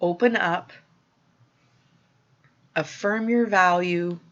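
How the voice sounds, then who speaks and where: Slow, gentle woman giving a spiritual talk. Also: on the low side. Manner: slow, soothing and affirming. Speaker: spiritual teacher. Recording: dull lo-fi recording.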